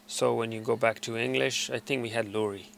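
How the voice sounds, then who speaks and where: A man presents a casual tutorial on device settings, moving step by step but with a halting, filler-laden delivery that often stops mid-sentence and restarts. His mid-range voice is brisk and creaky with fairly even intonation, over slight background noise.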